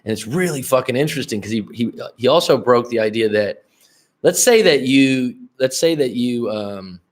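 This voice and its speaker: On a laid-back dating-coaching livestream, a middle-aged man with a lowish voice speaks bluntly and swears often. He rambles, starts sentences over, and calls out chat viewers by name.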